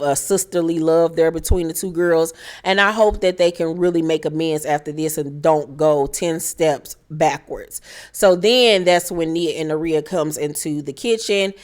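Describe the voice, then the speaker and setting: Sassy, profane woman recapping a show. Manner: animated, profane, sassy, shouting high mock rants. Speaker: reality TV recap host. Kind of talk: casual recap commentary.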